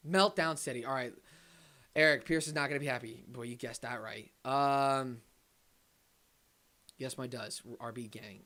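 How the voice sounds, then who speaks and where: A young man hosts a live sports watch-party stream, reading viewer comments aloud in a low mutter. He keeps erupting into loud, fast rants and then settling back down. His voice sits at an ordinary middle pitch. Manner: ranting, swinging between loud outbursts and muttered asides. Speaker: livestream host.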